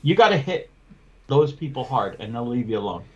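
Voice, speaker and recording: A man's voice: mid-range voice, sing-song, a little fast, darkish tone, dull audio. Blunt, profane man telling a story. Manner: blunt, profane, tells stories with quoted dialogue. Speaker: window cleaning business owner. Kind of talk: casual podcast chat, storytelling.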